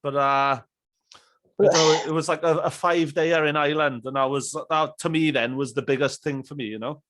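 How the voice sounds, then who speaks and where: Male host, upper register, relaxed chatty interviewer. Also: a little high, fairly quick. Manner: chatty and reminiscing, laughs along. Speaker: podcast host. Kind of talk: casual interview chat.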